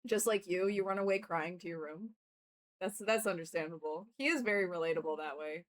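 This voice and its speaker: A woman's voice: on the low side, a little fast. A woman livestreaming while she works, chatting casually with viewers, laughing often and retelling things with animation. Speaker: livestreaming artist. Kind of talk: casual chat while working.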